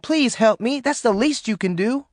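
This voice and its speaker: A man's voice: very high-pitched, animated, moderate pace, no room sound, pitched above the performer's own voice. A frightened pregnant young woman, voiced by a male audiobook reader. She pleads tearfully in a raised, lifting voice. The recording is dry and close. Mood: pleading. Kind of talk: audiobook character voice.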